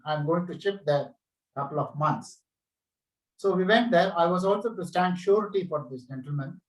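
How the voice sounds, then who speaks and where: A man's voice: a little high, echoey room, far from the mic, poor audio. A man giving a storytelling speech at an online club meeting, illustrating his points with anecdotes and quoted dialogue. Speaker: club speaker.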